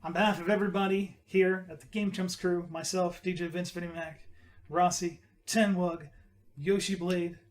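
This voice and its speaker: A man hosting a casual podcast show, energetic and teasing, often restarting his sentences. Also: sits high, normal speed. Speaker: radio show host.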